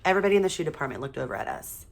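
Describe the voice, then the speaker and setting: Professora de voz grave lendo livro infantil. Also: female voice, low voice, racing, creaky. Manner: steady, expressive storytelling. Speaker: teacher. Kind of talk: reading a children's chapter book aloud.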